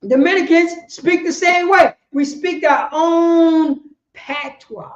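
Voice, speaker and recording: A woman's voice: very high voice, steady tone, takes it slowly. A woman leading an informal group lesson, quizzing her listeners and often asking "you know what I'm saying?". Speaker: class leader. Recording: echoey room, dull muffled sound.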